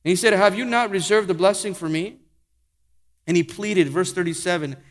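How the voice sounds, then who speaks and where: A man with a high voice delivers a sermon from a pulpit. He changes pace and volume for emphasis and hammers on repeated phrases, and his words ring out with long reverb through a large hall. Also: moderate pace. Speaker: pastor.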